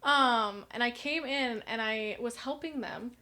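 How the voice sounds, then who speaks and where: A young woman with a bright, sharp voice, talking casually as a podcast co-host. She tells stories in a lively, chatty way and acts out what people said. Her pitch sits somewhat high. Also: measured pace. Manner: chatty storyteller, acts out quotes. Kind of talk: casual chat.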